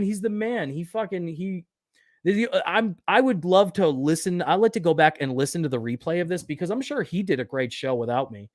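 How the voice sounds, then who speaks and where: A man's voice: on the high side, no echo, studio quality. A man hosting his own livestream aftershow, chatting casually, swearing often and poking fun at himself while reading viewer comments. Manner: profane, self-deprecating, rambling; reads viewer comments aloud. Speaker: livestream host. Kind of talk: casual solo livestream chat.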